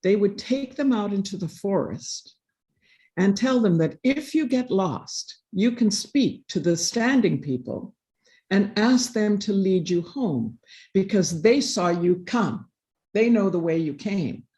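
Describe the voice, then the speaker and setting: A woman's voice: medium pitch, animated, slow pace, warm tone. Earnest woman telling a personal story. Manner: earnest, reflective, acts out quoted dialogue. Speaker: panel speaker. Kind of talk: personal storytelling in a live session.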